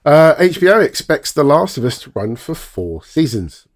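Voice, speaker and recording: A man's voice: on the high side, very animated, moderate pace. A man co-hosting a casual podcast, reading out news in a mock-formal announcing manner.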